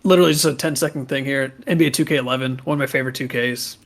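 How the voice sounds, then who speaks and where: A man co-hosting a casual podcast, quick and chatty, dropping "like" often and laughing between points. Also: mid-range voice, fairly even intonation, vocal fry, a bit bright. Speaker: podcast co-host. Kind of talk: casual chat.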